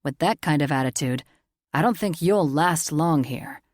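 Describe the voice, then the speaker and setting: A woman voicing a blunt, gruff older male federal agent who is the heroine's uncle. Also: low voice, animated, moderate pace, a little mellow, no echo, clean studio sound.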